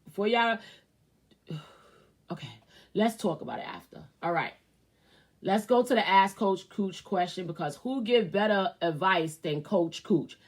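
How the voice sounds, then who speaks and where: A woman hosting a casual advice show, reading a viewer's letter aloud and reacting with loud outbursts and muttered asides. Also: on the low side, lively intonation, a little slow, pauses often. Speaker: host.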